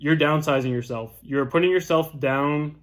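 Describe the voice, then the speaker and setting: A young man with a slightly high voice, speaking at normal speed, casually teaches door-knocking scripts from his work as a real estate agent. He's chatty and keeps asking "right?"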